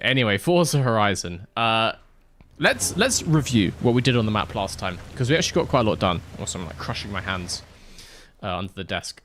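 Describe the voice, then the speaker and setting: Chatty streamer man, lively up-and-down voice. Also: fairly low pitch, fairly quick, slight background noise. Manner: chatty, rambling, answers chat with asides. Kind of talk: live gameplay stream chat.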